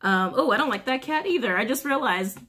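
A woman giving a casual, animated tarot reading to camera, often breaking into giggles and swearing freely. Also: a little high, a little fast. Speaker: tarot reader.

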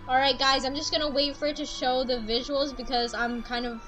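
High-pitched woman streamer, slangy and excitable, game music clearly playing behind. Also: a little fast, low-quality recording. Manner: excitable, loud outbursts, slangy. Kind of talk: casual gaming livestream chat.

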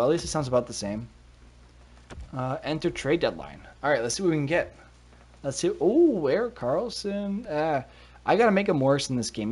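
A man's voice: medium pitch, a little mellow. Chatty man live-streaming a hockey game. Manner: chatty, thinks aloud, quick reactions. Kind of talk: casual live-stream commentary. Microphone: desk mic with a cover.

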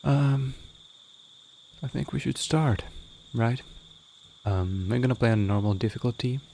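A man talks slowly through a game he is playing, his voice gravelly with fry. He hesitates and fills gaps with ums, reading on-screen prompts aloud. The home recording carries clear background noise and chirping crickets. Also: medium pitch, mellow. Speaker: gaming video creator. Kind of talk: casual let's-play commentary.

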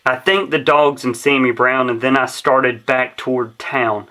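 A man's voice: medium pitch, measured pace, bright, forceful tone. A man reading a rhyming children's story aloud in a rhythmic, sing-song way. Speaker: storybook reader.

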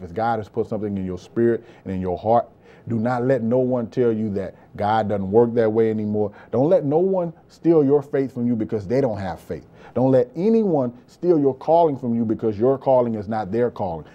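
A man's voice: medium pitch, mellow, lo-fi sound. A male pastor preaching a sermon with impassioned repetition, often calling out to listeners as beloved. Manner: impassioned preaching, frequent "beloved" and "praise God", repetitive emphasis.

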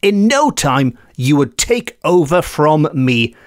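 A growling devil from an old folk tale, dropping his voice low and taking his time. His pitch still rises and falls with real expression, and the sound is dry and close, as a male storyteller puts him on. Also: sing-song, slow pace, no room sound. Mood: irritated. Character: snarling impatient male devil.

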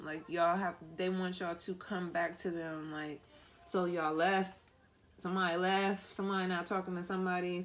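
A woman giving a casual tarot reading, playful and profane, often breaking into laughter. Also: on the low side. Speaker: tarot reader and life coach.

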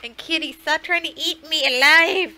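A woman hosting a reaction video, talking in loud, profane, laughing outbursts. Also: high voice, moderate pace, low-quality recording. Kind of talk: casual reaction commentary.

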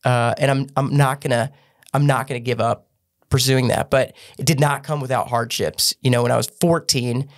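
A man recounts his athletic past in an earnest, unhurried way as a guest on a podcast. His delivery stays even and level, with little rise and fall. Many of his sentences restart partway through. The sound is close and dry, with no room echo. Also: mid-range voice. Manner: earnest, with frequent restarts and fillers. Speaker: podcast guest, former gymnast turned business owner. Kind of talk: casual storytelling interview.

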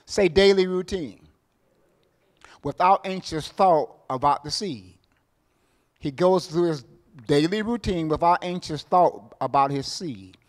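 A middle-aged man preaches with a fairly high voice, calling for amens from his congregation. He drives points home by repeating phrases, jumping from loud bursts to low, soft asides. This is a pastor's Sunday sermon delivery. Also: in a large hall. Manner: call-and-response, asks the congregation for amens; repeats words and phrases for emphasis.

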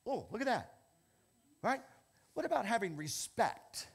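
An older male pastor delivering a sermon, animated and quick to laugh. His husky voice sits high and bright. His pitch climbs and drops widely as he preaches. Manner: animated, repeats "okay?" often, laughs between lines.

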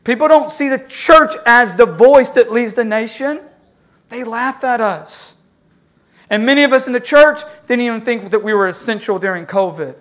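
Impassioned preacher, loud cries and hushes. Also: mid-range voice. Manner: call-and-response with the congregation. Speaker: pastor. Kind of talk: sermon.

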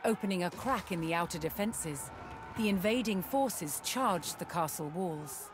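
A solemn documentary game narrator. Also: female voice, lowish voice, lively intonation, background noise. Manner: measured, solemn storytelling. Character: grave female history documentary narrator. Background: clear game score music.

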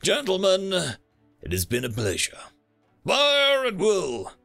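A man's voice: a little high, sing-song, a little slow, gravelly, a bit bright, faint music behind, full character voice. A man voicing a decisive male starship captain giving orders in a narrated sci-fi story. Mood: commanding. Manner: clipped commands, grave speeches.

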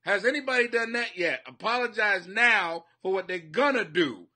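A man's voice: high-pitched, expressive, normal speed, few pauses, sharp tone. A man hosting a comedy podcast from his basement, rambling and swearing and laughing at his own jokes. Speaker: podcast host and comic. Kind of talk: loose profane comedy monologue. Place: home basement.

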